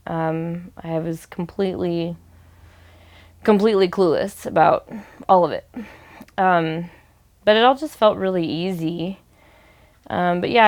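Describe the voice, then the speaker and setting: Young woman interviewee, fry in the voice, easygoing and unhurried in delivery. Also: on the low side. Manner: relaxed and hesitant, many fillers. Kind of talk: documentary interview.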